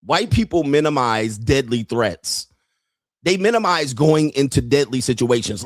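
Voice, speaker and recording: A man's voice: medium pitch, expressive, moderate pace, dry recording, studio quality. A man hosting a show, delivering a blunt, profane casual rant that repeats its points and acts out quoted voices. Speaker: show host.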